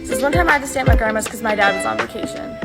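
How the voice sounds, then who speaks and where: A young woman telling a casual story, excitable and full of slang. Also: on the high side, rapid-fire, creaky. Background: loud music.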